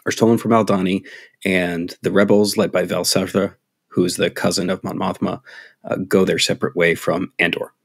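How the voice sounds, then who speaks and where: A man co-hosting a casual podcast, rambling through a recap with halting restarts. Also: low voice, flat delivery, vocal fry. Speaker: podcast co-host.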